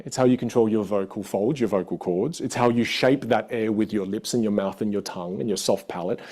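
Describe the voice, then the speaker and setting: Australian male voice coach, 30s, energetic and playful, very lively pitch. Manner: animated, playful, emphatic. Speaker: voice and communication coach. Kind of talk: energetic stage teaching.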